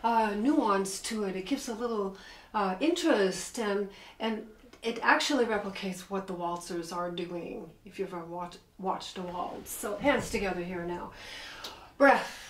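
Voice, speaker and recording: A middle-aged woman teaching piano, explaining with enthusiasm as she plays and counting the beats out loud. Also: medium pitch, moderate pace, slight background noise. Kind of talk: piano lesson. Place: room with a piano. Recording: echoey room, distant mic.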